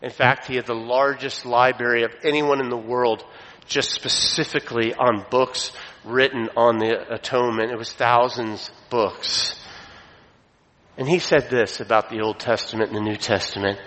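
A man preaching a sermon, his delivery swelling for emphasis and then dropping low. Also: a bit bright. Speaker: pastor. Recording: long reverb of a hall.

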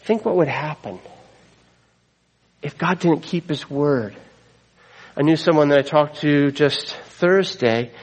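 A man's voice: a little high, expressive, takes it slowly, long pauses, poor audio. A middle-aged man preaching a sermon, earnest, weaving in scripture quotes and asides. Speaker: pastor.

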